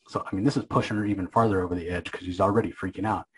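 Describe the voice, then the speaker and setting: A man's voice: lowish voice, fast talker, slightly rough, low-quality recording. A man casually recapping a comic book issue, rambling and opinionated, with lots of filler words.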